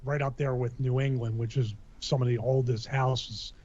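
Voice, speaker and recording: A husky man rambles through a casual podcast conversation, stopping and restarting his sentences. He jokes as he goes. The recording sounds dull and lo-fi. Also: mid-range voice, little pitch movement, normal speed, a little mellow. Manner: rambling, joking, with many restarts.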